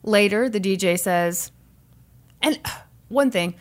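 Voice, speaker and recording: A woman hosting a podcast, telling a story in casual chat and acting out the people she quotes. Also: unhurried. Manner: animated, acts out quoted people with raised pitch. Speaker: podcast host.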